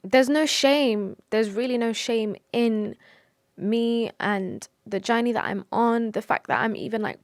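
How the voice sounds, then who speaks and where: A woman's voice: medium pitch, measured pace, gravelly, dry recording, studio quality. A young woman talking to camera about her faith, earnest and emotional, with sighs, restarts and Arabic religious phrases mixed in. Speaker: vlogger. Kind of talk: personal confessional talk to camera.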